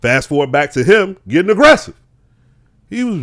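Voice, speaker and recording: A man's voice: high voice, huge pitch swings, normal speed. A young man animatedly telling a story on a podcast, acting out both sides of an argument with quoted voices. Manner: acts out both sides of an argument, laughing as he tells it.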